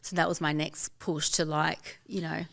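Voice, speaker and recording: A woman with an Australian accent, the founder of a fashion label, tells her business story as a guest in a casual interview. She's upbeat and chatty, quoting herself and others, in a deep, gravelly, fairly bright voice with little pitch movement at a normal speed.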